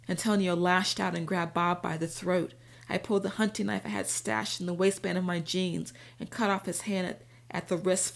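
A woman narrating a first-person audiobook in a steady, even storytelling manner. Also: fairly low pitch, vocal fry.

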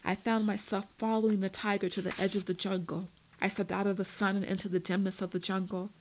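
A woman reading a first-person story aloud in a measured, steady storytelling manner. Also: medium pitch, slight background noise, poor audio. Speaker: narrator. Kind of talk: first-person audiobook narration.

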